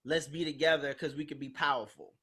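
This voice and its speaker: A woman's voice: sits low, fairly even intonation, fairly quick, fairly bright tone, breathy edge. A woman hosting a podcast in casual chat, talking bluntly and animatedly, acting out quoted voices and swearing freely. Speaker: podcast host.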